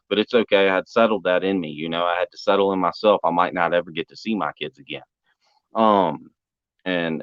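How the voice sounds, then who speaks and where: A man's voice: deep voice, clear, resonant tone, no room sound. A man telling a story in casual, folksy talk, often calling the listener man or brother. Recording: dull muffled sound.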